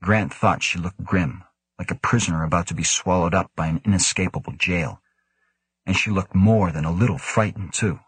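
Deep, husky male audiobook narrator. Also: normal speed, fairly bright tone, no room sound. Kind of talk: scripted narration.

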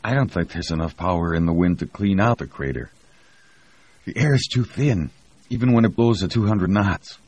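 Man reading a calm scientist for an audiobook, husky and low. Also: normal speed, dry recording. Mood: reasoning. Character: thoughtful male expedition scientist, calm explainer. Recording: dull lo-fi audio.

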